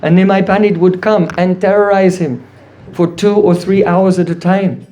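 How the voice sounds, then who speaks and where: Man, high voice, mellow timbre, spiritual teacher, lively storytelling lecture, rhetorical questions. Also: moderate pace. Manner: animated storyteller, asks rhetorical "hmm?".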